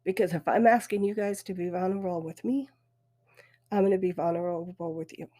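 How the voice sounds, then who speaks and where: A middle-aged woman tells her own story on her podcast, halting and close to tears. Her voice is husky and breathy, with a mellow, dark tone. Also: fairly low pitch. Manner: emotional, halting, voice breaking. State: weepy. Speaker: podcast host. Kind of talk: personal storytelling.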